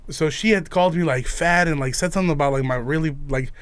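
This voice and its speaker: A man's voice: a little high, quick pace, clear, resonant tone, dry recording. A man guesting on a casual podcast, telling his story in a profane way with frequent laughter. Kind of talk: casual chat.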